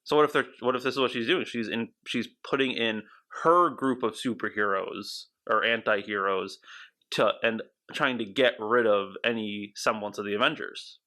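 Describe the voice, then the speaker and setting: A man co-hosting a podcast who theorizes in an animated, rambling way, with frequent restarts. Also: on the low side, normal speed. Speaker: podcast co-host. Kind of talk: casual podcast chat.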